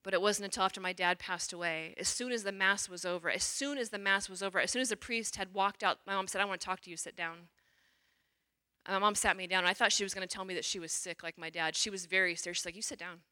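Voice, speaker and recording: Middle-aged nun, personal testimony, lively storyteller, bright tone. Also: female voice, mid-range voice, fast, hardly any pauses. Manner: animated storyteller, acts out quotes. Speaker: religious sister.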